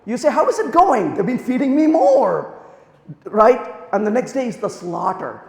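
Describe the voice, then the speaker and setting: A man giving a conference talk, telling lively anecdotes and acting out the dialogue in them. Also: very high-pitched, normal speed, gravelly. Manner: animated storytelling, acts out quoted dialogue. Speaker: conference speaker. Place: large conference hall. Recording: echoey hall, long reverb.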